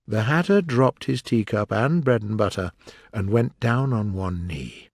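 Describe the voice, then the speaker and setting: A man narrating a children's audiobook with a lively, expressive reading. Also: fairly low pitch, unhurried, gravelly, dry recording, clean studio sound. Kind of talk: storybook narration.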